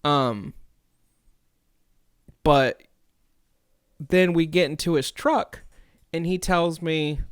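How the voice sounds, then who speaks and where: A young man co-hosting a podcast, telling a story in a casual, profane, animated way. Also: on the high side, drawn-out words, pauses often, clear, resonant tone, dry recording, clean studio sound. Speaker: podcast co-host.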